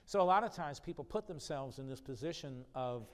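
A man's voice: mid-range voice, expressive, brisk. A man preaching a sermon, reading scripture aloud with rising emphasis and then explaining it in a conversational way. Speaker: pastor. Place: church sanctuary. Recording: long church reverb.

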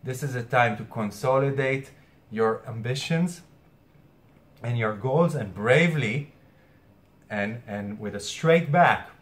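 A man's voice: mid-range voice, takes it slowly, pauses often. A man astrologer speaking earnestly to camera, hesitating and restarting often, with something caught in his throat. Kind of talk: weekly spiritual message to camera.

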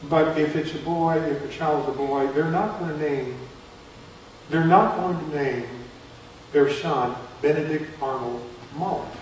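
An older man teaching a Bible seminar at a church, chatty, quizzing his listeners and turning loud and emphatic. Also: on the high side, unhurried. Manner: conversational, asks the audience questions, grows loud and emphatic. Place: church hall. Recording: very echoey hall from far off, faint noise.

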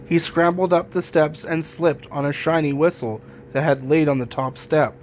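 A man reading a children's picture book aloud in a gentle, even storytelling manner. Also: a little high, normal speed, slight background noise. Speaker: storybook reader.

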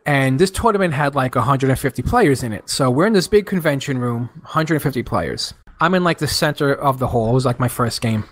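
A man in his thirties from New York, co-hosting a podcast and telling a long story with lively acted-out quotes. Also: mid-range voice, fairly quick, few pauses. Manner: animated, acts out quoted friends in raised voices. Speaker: podcast co-host. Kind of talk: casual storytelling chat.

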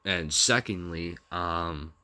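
A man's voice: sits low, takes it slowly, bright, forceful tone, smooth. A young man vlogging casually, rambling and repeating himself with hesitant restarts as he talks through messages. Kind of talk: casual commentary reading out text messages.

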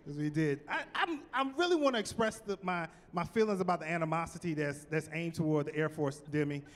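A man doing stand-up on a big theater stage, with a voice that sits well above most men's. He delivers his jokes in an animated, punchy way that keeps climbing into exclamations. His voice rings out with the long reverb of a large hall. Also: a little high, quick pace. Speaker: stand-up comedian. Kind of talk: stand-up comedy set.

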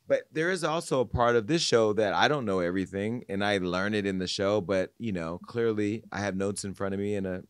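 A man's voice: fairly low pitch, dry recording, clean studio sound. A man hosting a celebrity gossip podcast, telling stories with lots of energy and mimicking the people he quotes. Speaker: podcast host. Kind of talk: casual gossip commentary.

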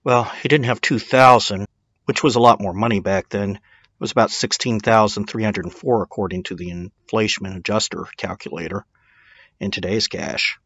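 A man's voice: on the low side, steady tone, normal speed, fairly bright tone, husky, no room sound, highs cut off. Guy telling a true crime story, casual and blunt, swears a bit, dry voice. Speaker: documentary narrator.

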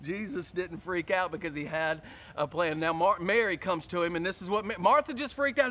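A man with a high voice preaches a sermon. He swings from quiet, slow passages to loud shouts. He often repeats words and restarts his lines. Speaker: pastor.

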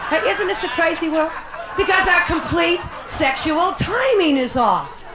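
A woman's voice: very high voice, lively intonation, measured pace, over loud music. A woman doing bawdy live stand-up comedy in a Las Vegas showroom, teasing the audience with brassy banter. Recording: roomy live club recording, loud crowd.

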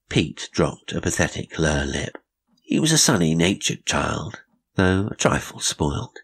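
A man narrating a classic horror story in a measured, dramatic way. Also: low-pitched, very animated, vocal fry, breathy edge. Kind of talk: scripted audiobook narration.

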